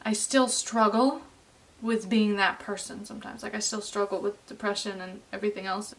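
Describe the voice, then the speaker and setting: A woman's voice: medium pitch, steady tone, a little hiss or hum. Earnest young woman, slightly distant mic. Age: late 20s. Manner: earnest, halting, heartfelt. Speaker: vlogger. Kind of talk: emotional personal vlog.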